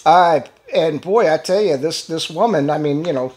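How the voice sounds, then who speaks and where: A man's voice: on the high side, normal speed, a little mellow. A middle-aged man giving rambling solo political commentary, blunt and indignant, restarting sentences and swearing casually. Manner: rambling, repeats words, frequent fillers and restarts. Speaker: political commentary channel host.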